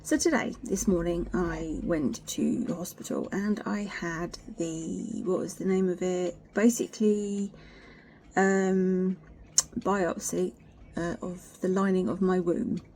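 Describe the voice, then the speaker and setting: A blunt, sweary woman talks straight to camera from home in a warm, mellow voice. She rants freely and drops into whispered asides. A faint hiss sits behind her. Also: lowish voice, fairly even intonation, takes it slowly. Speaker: vlogger. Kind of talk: candid personal vlog.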